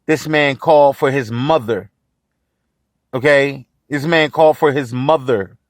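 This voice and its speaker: A man's voice: mid-range voice, unhurried, dry recording, clean studio sound. A man hosting a podcast in impassioned solo commentary, outraged and emphatic, repeating phrases for force. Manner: outraged, voice rising and pressing. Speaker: podcast host.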